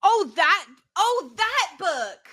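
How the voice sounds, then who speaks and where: A woman co-hosting a podcast in casual chat, excitable and quick to react. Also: very high voice, no echo, clean studio sound. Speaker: podcast co-host.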